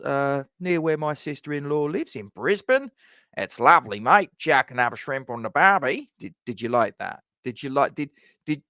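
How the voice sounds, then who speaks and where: Man, London accent, fan channel host, rambling casual chat, mid pitch, dry close sound. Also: a bit bright, dry recording. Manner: chatty and rambling, with frequent fillers and friendly asides to viewers. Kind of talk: live-streamed casual match preview, reading viewer comments.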